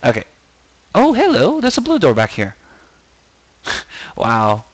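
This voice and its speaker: A man's voice: on the low side, huge pitch swings, unhurried, poor audio. A young man casually commenting while playing a game, playful and giddy, often singing and muttering to himself. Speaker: gaming video host.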